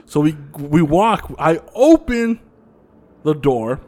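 A man tells a spooky story to his podcast co-hosts in a loose, casual chat. His voice sits a little high and swings widely up and down as he acts out moments. The talk is profane, animated and full of laughter. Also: takes it slowly. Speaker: podcast co-host.

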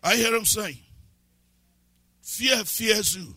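A man preaching a sermon as a pastor, swinging from low asides to shouted, half-sung lines and repeated questions to the congregation. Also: slow, no room sound. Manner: breaks into speaking in tongues.

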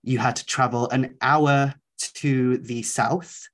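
A man in his twenties from North Wales, a Welsh speaker with a softened Welsh accent often heard as English, talking earnestly and thoughtfully as an interview guest, with many fillers. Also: mid-range voice, fairly even intonation, slow. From North Wales, Isle of Anglesey. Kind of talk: reflective conversational interview.

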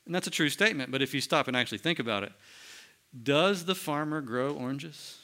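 Man, pastor, sermon, somewhat high voice, bright tone, rhetorical questions. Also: lively intonation, a little fast. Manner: earnest teaching with rhetorical questions.

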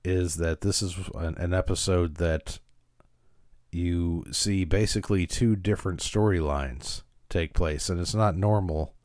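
A man's voice: deep voice, fairly even intonation, unhurried, a little mellow, dry recording, studio quality. A man hosting a podcast, casually recapping an episode with frequent fillers and restarts. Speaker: podcast host.

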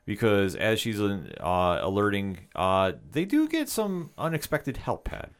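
A man's voice: lowish voice, huge pitch swings, unhurried. A man co-hosting a casual podcast, steadily summarizing the plot of an episode. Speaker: podcast co-host. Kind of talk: casual chat recapping a TV episode.

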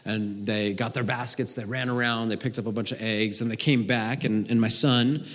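A man's voice: mid-range voice, fairly even intonation, moderate pace. Earnest pastor man in a reverberant hall. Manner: earnest, swinging from emphatic to hushed; repeats words as he restarts. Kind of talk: sermon. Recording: long reverb of a large hall.

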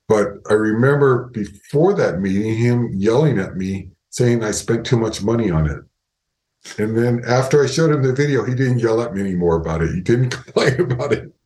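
An older man as an interview guest, telling casual work anecdotes with lively retellings and frequent laughter. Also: lowish voice, low-quality recording. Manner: animated anecdotes, acts out quoted voices, laughs often. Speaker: interview guest, animatronics animator.

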